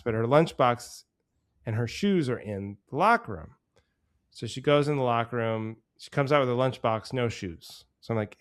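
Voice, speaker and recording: A podcast co-host in his thirties, with a mid-range voice, tells a long, casual story in an animated way, mimicking people in quick, playful voices.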